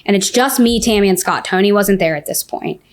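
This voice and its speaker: Woman, podcast guest, mid-pitched, casual and candid storyteller with lots of "like.". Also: brisk. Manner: candid, says "like" often.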